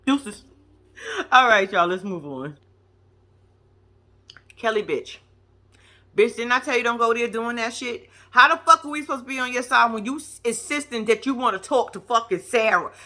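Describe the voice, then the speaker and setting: A woman giving brash, profane, animated commentary on a reality show. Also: a little high, normal speed. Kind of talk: casual reaction commentary.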